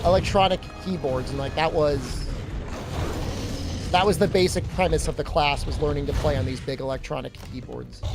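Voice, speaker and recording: A young man chatting casually to his chat while gaming, telling stories in an animated way. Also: high voice. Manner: chatty, animated storytelling with laughs. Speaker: streamer.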